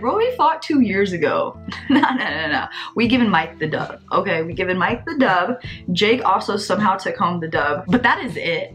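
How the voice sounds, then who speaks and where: A woman vlogger talking casually to camera in an animated, exasperated rant full of "like"s. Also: medium pitch. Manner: animated, exasperated, chatty with many "like"s.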